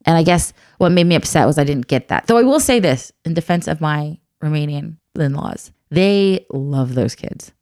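Low-voiced woman in candid chat. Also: lively intonation, moderate pace, few pauses, darkish tone, dry recording, clean studio sound. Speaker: adoptive mother. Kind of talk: casual podcast chat.

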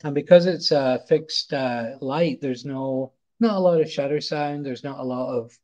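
A man's voice: medium pitch, unhurried, a little mellow, lo-fi sound. Rambling middle-aged Scottish man. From Scotland. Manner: rambling, repeats words and restarts often. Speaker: guest, photographer. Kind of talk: casual anecdote storytelling.

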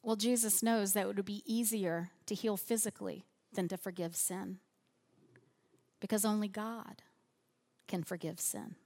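A woman preaching a sermon in a church, slow and earnest, softening her voice on repeated phrases. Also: mid-range voice, steady tone.

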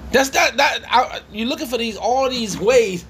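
A man's voice: very high voice, animated, moderate pace, fairly bright tone. A man coaching couples in a church workshop who speaks emphatically like a preacher and repeats his challenges to the audience. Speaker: marriage coach.

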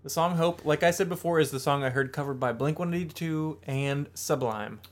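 A male co-host with a somewhat high voice, relaxed and casual on a podcast. He mostly chimes in with quick agreements and short remarks. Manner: laid-back, chiming in with short agreements.

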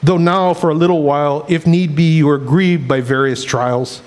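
Male pastor preaching, tells stories, laughs at his own jokes, voice sits a bit high. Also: fairly even intonation, normal speed, a little mellow. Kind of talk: sermon.

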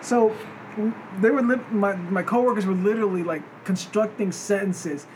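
A man's voice: high voice, normal speed, slight background noise. A man, co-hosting a podcast in casual chat, asking questions and restarting his sentences. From Philadelphia. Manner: questioning, hesitant, restarts often. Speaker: podcast co-host.

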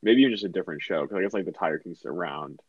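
A man from Massachusetts co-hosts a casual podcast, asking questions and giving short replies. His voice sits somewhat low. The recording is dry and slightly muffled, with a dull top end. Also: rapid-fire, breathy edge, no echo. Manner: asks questions, brief acknowledgements. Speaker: podcast co-host. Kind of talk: casual chat.

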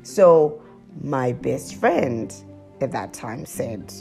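A woman telling her viewers a confessional story in a chatty, animated way, laughing as she goes. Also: very slow, creaky, over music. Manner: laughs often and breaks into high squeals. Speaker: vlogger.

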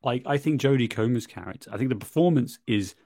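A man co-hosting a podcast, chatting casually about a film, halting and restarting as he thinks aloud. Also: medium pitch, lively intonation, mellow, no echo, studio quality. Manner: halting, restarts often, laughs along. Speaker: podcast co-host. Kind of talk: casual film-review chat.

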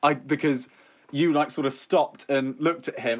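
A man's voice: medium pitch, normal speed, fairly bright tone, a little hiss or hum. A man co-hosting a comedy podcast, chatting casually and playfully spinning absurd hypotheticals. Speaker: podcast co-host.

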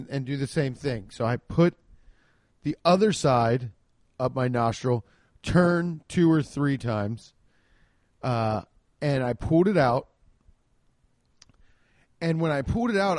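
A man's voice: on the high side, a little mellow, no room sound, clean studio sound. A young man hosting a podcast, telling a rambling, self-deprecating comic story and swearing freely. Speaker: podcast host. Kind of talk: casual comedic storytelling.

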